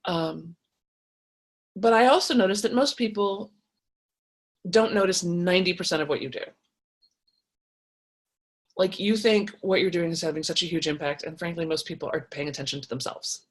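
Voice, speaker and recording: Husky-voiced woman giving frank advice. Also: on the low side, moderate pace, long pauses. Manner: animated and frank, many restarts, swears for emphasis. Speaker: host answering viewer comments. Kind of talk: casual advice talk.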